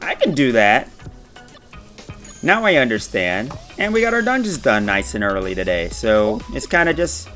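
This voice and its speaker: A man's voice: mid-range voice, sing-song, moderate pace, a bit bright, soft background music. A man chatting casually while playing a game, laughing often and swearing freely. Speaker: gaming streamer. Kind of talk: casual chat while gaming.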